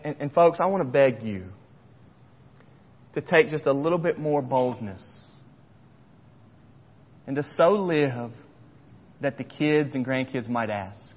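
A middle-aged man preaching a sermon, passionate, swinging between loud and hushed near-whispers. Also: mid-range voice. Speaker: pastor. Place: church sanctuary. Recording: dull sound with long hall reverb.

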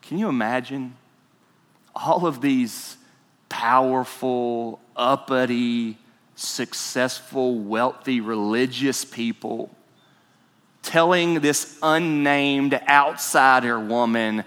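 Pastor preaching to the room, chatty, asks questions, echoey church hall. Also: male voice, mid-range voice, slow, fairly bright tone. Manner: conversational preaching, asks the congregation questions, restarts words. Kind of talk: sermon.

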